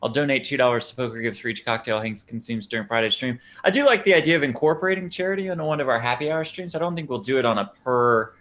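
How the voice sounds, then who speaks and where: A man's voice: mid-range voice, fast, hardly any pauses, a bit bright. A man from the United States co-hosting a poker stream, wry and self-deprecating, reading chat comments aloud. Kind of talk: casual banter commentary.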